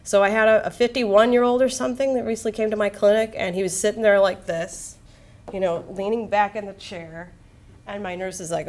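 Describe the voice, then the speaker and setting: A woman physician giving a medical lecture in a casual, candid, lively way, full of slang and asides. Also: mid-range voice, a little fast. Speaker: palliative care physician.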